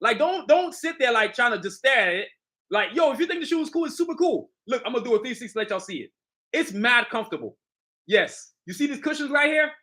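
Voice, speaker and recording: A middle-aged sneaker designer hosts a casual live stream, hyping his own sneaker line with boastful street slang and constantly addressing viewers. His voice is extremely high, with big pitch swings, fast, pushed, and bright.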